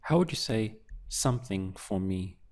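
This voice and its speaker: A man teaching a beginner language lesson, asking patient prompts and then giving clear model answers. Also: on the low side, animated, unhurried, darkish tone. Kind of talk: slow, deliberate language lesson with pauses.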